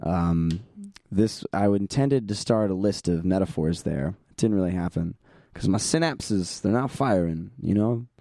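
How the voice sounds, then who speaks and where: A hoarse young man hosts his own podcast, his voice rough and gravelly like sandpaper. He talks low and dark in tone, rambling casually in a self-deprecating way with low energy and frequent laughs. The sound is close and dry. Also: measured pace, no echo. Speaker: podcast host. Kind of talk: casual solo podcast chat.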